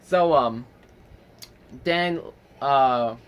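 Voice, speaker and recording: This young vlogger speaks extremely slowly in a clean, medium-pitched voice as he tells a rambling story. He's animated, leans on fillers, swears freely and acts out the people he describes.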